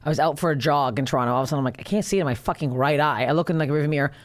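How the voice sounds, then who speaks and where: A woman hosting a comedy podcast, chatting bluntly and with plenty of swearing. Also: low-pitched. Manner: fast, blunt, profane. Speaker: podcast host. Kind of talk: casual podcast chat.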